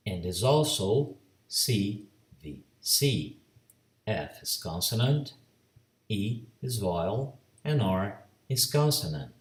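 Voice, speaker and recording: Slow Brazilian man teaching grammar. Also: on the low side, reverberant, recorded from a distance. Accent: Brazilian Portuguese. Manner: slow, deliberate, spells out letters and repeats rules. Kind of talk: slow bilingual grammar lesson.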